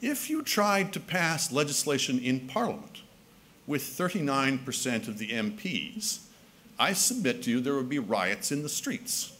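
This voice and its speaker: A man's voice: mid-range voice, very animated, a little slow, fairly bright tone. A man from Canada giving a keynote speech at a conference, talking in a wry, conversational way with frequent restarts. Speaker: keynote speaker. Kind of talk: public speech. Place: conference hall.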